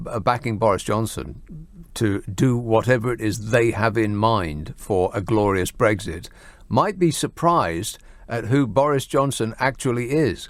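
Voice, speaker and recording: A man's voice: medium pitch, no room sound. A man hosting a radio phone-in with a dry, self-mocking wit. He hesitates and fills gaps with ums and uhs. He is close on a studio microphone in a dead, dry room. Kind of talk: late-night radio phone-in.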